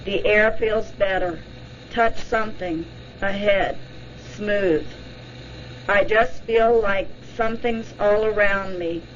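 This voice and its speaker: A woman voicing a shaken woman recalling a strange encounter under hypnosis, halting and dazed, on a dull lo-fi recording. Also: mid-range voice, steady tone, slight background noise, lightly acted.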